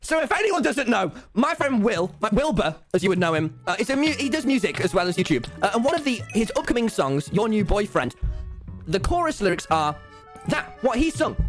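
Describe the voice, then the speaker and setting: A young British man telling a story on his stream, excitable and swearing often, acting out both sides of each exchange. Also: high voice. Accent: British English. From England. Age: young adult.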